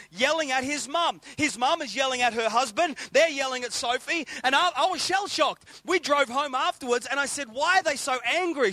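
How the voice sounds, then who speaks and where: A middle-aged man from England, raised in Australia, preaching a sermon in an animated storytelling way and repeating phrases for emphasis. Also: extremely high pitch.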